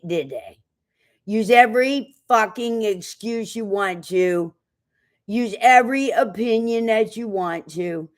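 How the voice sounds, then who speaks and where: A woman ranting defiantly into the camera, cursing and preaching, jumping from loud outbursts to low mutters. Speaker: online commentator.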